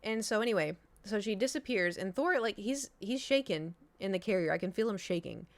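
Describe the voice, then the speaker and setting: A young woman streamer tells a story in a loose, rambling way, full of fillers and restarts. Her voice sits at a middling pitch. The sound is dry and close, with almost no room around it. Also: animated, brisk, dry recording. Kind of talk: casual storytelling chat.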